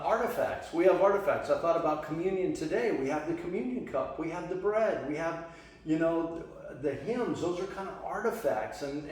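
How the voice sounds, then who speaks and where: A man's voice: fairly high pitch, darkish tone. Man talking in a very echoey room. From Las Vegas, western US. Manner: rambling, conversational, many restarts and fillers. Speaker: church study group leader. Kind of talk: casual church group teaching. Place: church meeting room. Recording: echoey room, distant mic, faint hum.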